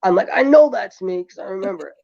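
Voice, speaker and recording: A man guest telling a long story in casual chat, rambling with many fillers and restarts, and getting animated as he retells events. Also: sits high, fast talker, dry recording, lo-fi sound.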